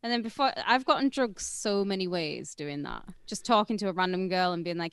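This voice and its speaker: A woman's voice: lowish voice, lively intonation, a little fast, clear, resonant tone, no echo. A British woman co-hosting a podcast, chatting in a cheeky, blunt, teasing way. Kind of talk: casual chat.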